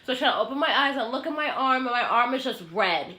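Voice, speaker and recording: A woman's voice: sits high, lively intonation, fast talker, bright, forceful tone, roomy sound, slight background noise. A woman co-hosting a podcast, telling a story in casual chat, acting out quotes and laughing often. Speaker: podcast co-host.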